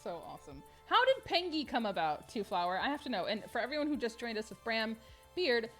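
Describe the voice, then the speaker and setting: A woman streaming a game live, chatting with viewers in a bubbly, excitable way and laughing often. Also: on the high side, fairly quick, faint music behind.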